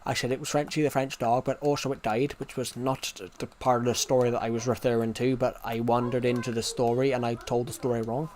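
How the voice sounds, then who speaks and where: A man's voice: medium pitch, little pitch movement, brisk, hardly any pauses, darkish tone. A young man streamer rambling through a story in casual chat, often restarting his sentences.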